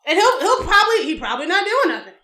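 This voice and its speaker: A woman's voice: extremely high pitch, big pitch swings, fast talker, pushed and bright. A woman co-hosting a podcast in casual chat, with short dry replies and jokes. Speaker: podcast co-host.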